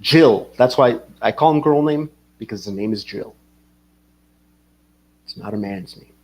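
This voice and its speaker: A man's voice: on the low side, unhurried. A man hosting a livestream, rambling casually, swearing and reading chat comments aloud. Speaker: livestream host.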